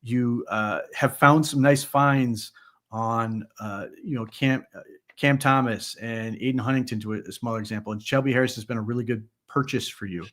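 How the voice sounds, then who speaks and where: A man co-hosts a sports podcast, offering animated, conversational post-game analysis with frequent restarts. His voice is mid-range and his pace moderate.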